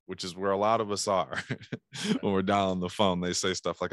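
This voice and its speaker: A man's voice: low voice, steady tone, a little fast, no echo, clean studio sound. A man giving casual sales coaching, talking animatedly and acting out phone calls in bursts. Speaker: sales trainer.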